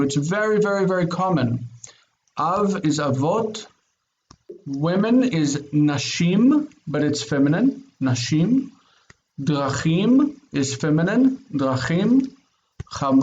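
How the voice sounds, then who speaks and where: A man's voice: a little high, a little mellow. A male Hebrew teacher giving an online grammar lesson, explaining patiently, repeating words and checking understanding with "okay?". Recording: dull lo-fi sound with faint noise.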